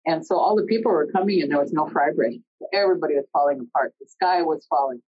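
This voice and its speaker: Husky woman telling a personal story. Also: deep voice. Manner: earnest, conversational, pauses mid-sentence. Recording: dull lo-fi recording.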